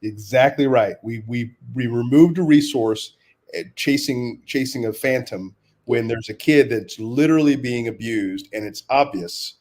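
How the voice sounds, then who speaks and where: A man's voice: medium pitch, unhurried, a little mellow. A man in a casual conversation, an education advocate who makes his points thoughtfully and repeats words as he builds them.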